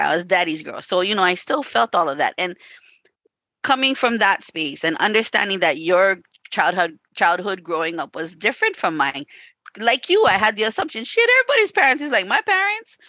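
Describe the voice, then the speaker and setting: A woman's voice: lowish voice, expressive, moderate pace, sharp tone, no echo. A woman co-hosting a casual talk, telling stories with acted-out quotes and frequent "you know" and "like". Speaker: podcast co-host. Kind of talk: casual conversation.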